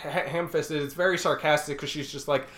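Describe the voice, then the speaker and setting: A podcast co-host in a casual film discussion who talks in an animated, sarcastic way and laughs often. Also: medium pitch, brisk.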